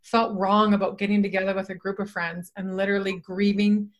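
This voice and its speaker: A woman's voice: medium pitch, level tone, brisk, highs cut off. A woman hosting a podcast interview who responds with emphatic agreement and affirmation. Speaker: podcast host. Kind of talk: conversational interview.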